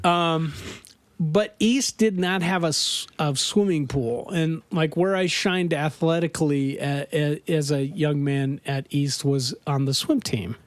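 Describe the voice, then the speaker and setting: A man's voice: a little high, a little slow, no room sound. A middle-aged man from Denver chatting casually on a podcast, telling rambling stories and laughing often. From Denver, USA. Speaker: podcast host. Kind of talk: casual chat.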